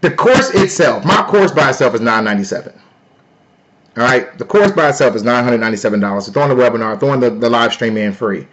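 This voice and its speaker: A man hosting a live stream, talking loudly and playfully to his viewers in a casual sales pitch. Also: lively intonation, quick pace. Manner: loud, playful, talks to chat. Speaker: livestream host.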